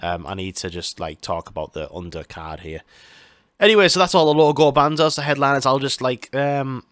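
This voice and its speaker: A man's voice: medium pitch, animated, brisk, fairly bright tone, clear, resonant tone, no room sound, studio quality. A man hosting his own podcast, talking in a rambling, casual way with lots of swearing, fillers and restarts. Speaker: podcast host. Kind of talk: casual solo chat.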